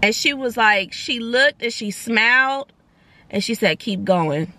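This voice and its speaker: A young woman tells a personal story straight to camera in a loose, chatty way, bouncing between her own voice and the lines of the people she met. Her voice is bright and fairly high. The sound is dry and close. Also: no room sound. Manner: animated, retells dialogue in quick bursts. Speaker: vlogger. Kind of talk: casual storytime vlog.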